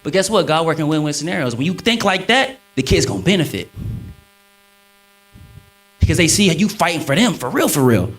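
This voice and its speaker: A man's voice: a little fast, long pauses, poor audio. A man talking on stage before an audience, preaching on scripture with a preacherly emphasis. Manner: lively, swinging pitch, preacherly emphasis.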